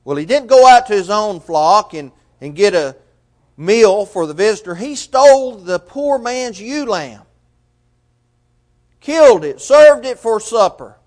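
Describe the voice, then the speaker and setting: Preacher, male, high tenor register; sermon delivery heavy on rhetorical questions, loud-to-soft swings. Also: lively intonation, measured pace.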